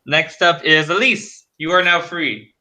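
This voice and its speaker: A man running a tabletop game as game master, unhurried and laughing often. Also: fairly high pitch, pushed and bright.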